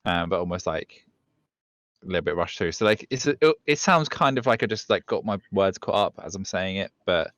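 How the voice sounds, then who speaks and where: Male player, deep voice, close dry sound, rambling and excitable. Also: a little fast, no echo. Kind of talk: casual tabletop game chat.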